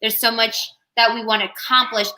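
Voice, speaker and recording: A young woman talks on a live stream in a very bright, sharp voice that sits a little high. She is chatty and upbeat as she reflects and shares her thoughts. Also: level tone, a little fast, rough recording. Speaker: musician guest. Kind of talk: casual live-stream chat.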